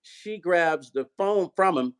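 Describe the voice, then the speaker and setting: A man's voice: high-pitched, slow pace, clear, resonant tone. A man hosting his own vlog, telling a long story with lots of acted-out dialogue and swearing. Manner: animated storyteller, acts out quoted dialogue, profane. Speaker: vlog host, musician. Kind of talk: storytelling chat.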